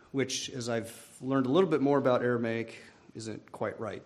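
A man's voice: medium pitch, steady tone. Earnest man preaching a sermon. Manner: earnest, measured preaching with rising emphasis and soft trailing ends. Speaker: pastor.

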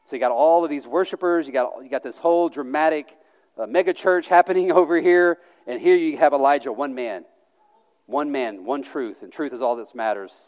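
A man's voice: medium pitch, a little fast, darkish tone. A man preaching a sermon as pastor, emphatic, with sarcastic put-on voices and frequent restarts. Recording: long hall reverb.

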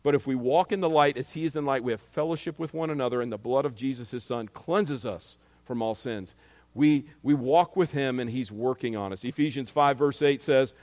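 A man's voice: medium pitch, long reverb tail. A man preaching a sermon as pastor, earnestly reading and explaining scripture to his congregation.

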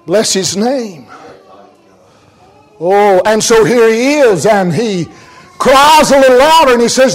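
A man preaching a fervent sermon, often shouting, with frequent amens and laughs. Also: high voice, lively intonation, slow pace, pauses often.

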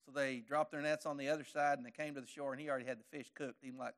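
A man preaching a sermon, telling the story in a folksy way, his voice climbing to forceful peaks and dropping low again. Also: little pitch movement, fast.

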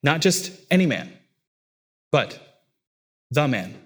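A man delivering a sermon from the pulpit, with a voice pitched a little high for a man. His delivery swings from quiet, heavy low passages to raised, emphatic lines that stress single words. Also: big pitch swings, slow pace, breathy edge. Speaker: pastor.

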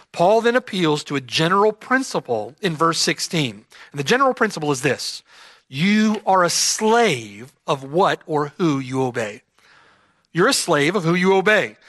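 A man's voice: fairly high pitch, sharp tone, dry recording. A man preaching an expository sermon, emphatic and repeating key phrases for stress. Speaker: pastor.

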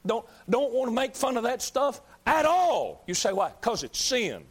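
A man preaching a fiery sermon, hammering his points with repetition and rising to shouts. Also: very high-pitched, very animated, a little slow. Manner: emphatic, repeats lines, builds to shouts.

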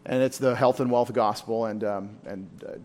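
A man's voice: fairly low pitch, steady tone, moderate pace, darkish tone. A man teaching a Bible study in a church, talking informally and asking his listeners questions. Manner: informal, asks the room questions.

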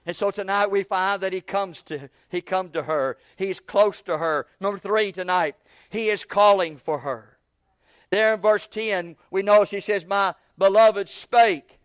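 A man preaching an evening sermon in a folksy way, repeating words and building up to shouted questions. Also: sits high, a little slow, smooth, dry recording, studio quality.

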